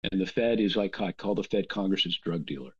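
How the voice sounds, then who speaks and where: A man talking in a casual, animated rant, with lots of restarts and asides. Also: low voice, a little fast, husky. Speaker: podcast guest. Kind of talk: casual ranting conversation. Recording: dull lo-fi sound.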